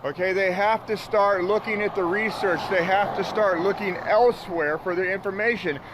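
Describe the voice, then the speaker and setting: A man urging his viewers on in a preachy, agitated way. His voice is high. The stream carries loud street and traffic noise. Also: moderate pace. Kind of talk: livestream rant.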